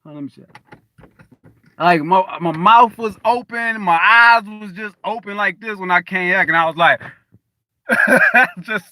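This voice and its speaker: Casting note: high-voiced man, rambling profane monologue, dry close sound. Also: dry recording. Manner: rambling, profane, animated storytelling with frequent restarts. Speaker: spiritual vlogger. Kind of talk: casual spiritual monologue to viewers.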